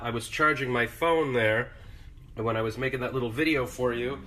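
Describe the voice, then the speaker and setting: A man's voice: mid-range voice, normal speed, bright, forceful tone, slight background noise. A man vlogging casually from his home, rambling and joking in a self-deprecating way. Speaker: vlogger and voice actor. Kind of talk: casual vlog.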